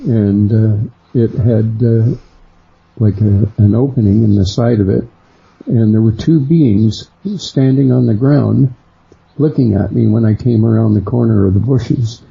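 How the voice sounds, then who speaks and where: Middle-aged man, very gravelly, husky, guest storyteller, dull lo-fi sound. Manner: unhurried storyteller who acts out quoted voices higher. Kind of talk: recounting a personal experience.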